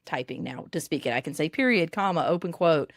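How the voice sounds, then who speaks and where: A woman with a Southern US accent, coaching authors on dictation in an animated podcast interview. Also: deep voice, a little fast, dry recording, studio quality.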